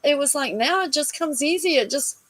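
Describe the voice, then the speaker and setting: A woman's voice: high voice, animated, normal speed, fairly bright tone, no echo. A woman co-hosting a faith-based livestream, sharing reflective, encouraging testimony over a video call. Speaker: co-host of a faith support livestream. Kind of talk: casual faith-based chat.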